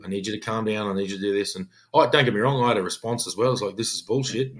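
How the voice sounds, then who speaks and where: A man's voice: lowish voice, very fast. Earnest Australian man telling a story. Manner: earnest, emphatic, acts out his own quoted speech. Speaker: police detective sergeant. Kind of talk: podcast storytelling.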